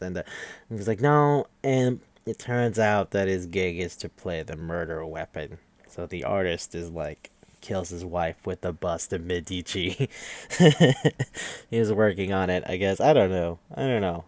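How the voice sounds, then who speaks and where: A man's voice: deep voice, darkish tone, no echo. Profane rambling man recapping anime. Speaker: podcast host.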